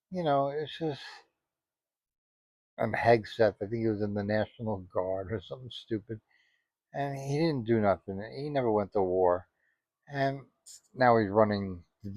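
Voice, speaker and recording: A man's voice: mid-range voice, creaky, dry recording. A man giving casual spoken commentary, rambling and indignant, full of "you know" asides. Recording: dry, dull lo-fi audio.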